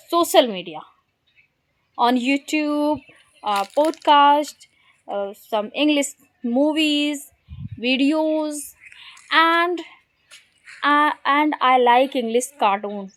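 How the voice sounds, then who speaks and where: A woman's voice: high voice, fairly bright tone, no room sound, low-quality recording. A woman whose first language is Hindi, vlogging outdoors in a village, encouraging learners with hesitant, repetitive phrasing. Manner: hesitant, repeats words, encouraging. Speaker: vlogger teaching English. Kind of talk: casual motivational vlog.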